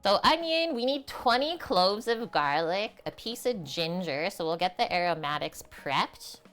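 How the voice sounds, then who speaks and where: A woman's voice: mid-range voice, expressive, measured pace, a bit bright, soft background music. A young woman hosting a casual cooking livestream, chatting with viewers while she preps food in her home kitchen. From half French. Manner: chatty, reads and answers chat while cooking.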